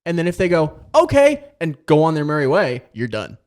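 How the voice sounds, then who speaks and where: A man's voice: on the high side, lively intonation, darkish tone. A man who is a father, co-hosting a parenting podcast in casual chat, adding dry, wry asides. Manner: conversational, quick interjections and wry asides.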